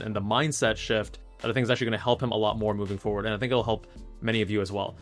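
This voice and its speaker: A man in his thirties talks in a relaxed, conversational way, walking a viewer through numbers one step at a time. His pitch sits in an ordinary middle range for a man. Faint music plays underneath. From South Asian heritage. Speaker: YouTube host, physician. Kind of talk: casual explainer talk.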